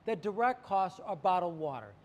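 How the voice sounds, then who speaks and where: A man's voice: high-pitched, very animated, normal speed, in a large hall, dull audio. A man talking about water treatment to camera, telling a client story animatedly and acting out the quotes. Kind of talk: sales talk to camera.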